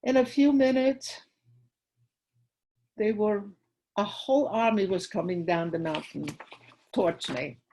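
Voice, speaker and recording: Older woman, gravelly and husky. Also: mid-range voice, measured pace, pauses often, mellow, rough recording. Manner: vivid retelling, acts out dialogue. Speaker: guest speaker at a school. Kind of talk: personal testimony storytelling.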